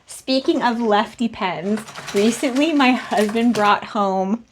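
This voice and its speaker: A woman's voice: fairly high pitch, takes it slowly, slight background noise. A young adult woman recapping her recent resale sales in a chatty, rambling way, with asides and self-deprecating laughs. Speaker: reseller vlogger.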